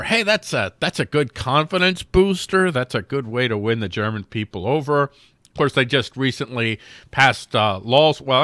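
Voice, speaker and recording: A man hosts a casual political news commentary show, sarcastic and quick to mock the figures he quotes using silly put-on voices. His medium-pitched voice sounds pushed and bright, and the recording is dry and studio quality.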